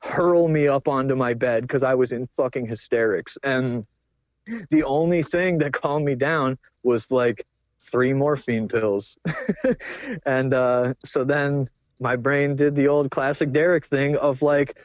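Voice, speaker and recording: A man's voice: medium pitch, fairly even intonation, unhurried, no room sound. Young man, interview guest: loose, profane, filler-heavy storytelling, dry close sound. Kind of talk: candid personal storytelling.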